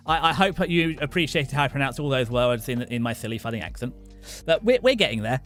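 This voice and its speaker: A young British man hosting a livestream, rambling and joking excitably with many restarts. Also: a little high, fast talker, soft background music. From Britain. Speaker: VTuber streamer host. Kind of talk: casual livestream chat.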